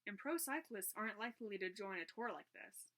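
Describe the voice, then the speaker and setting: A woman reading aloud, voicing a calm, sharp, curious teenage girl detective in a storybook. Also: mid-range voice, fairly quick. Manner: calm, teasing.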